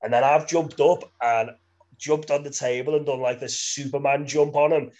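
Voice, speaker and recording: A man with a Merseyside accent tells rambling, sweary stories in a casual chat. His delivery stays level and monotone, with laughter slipping into his sentences. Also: medium pitch, normal speed. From Birkenhead, England.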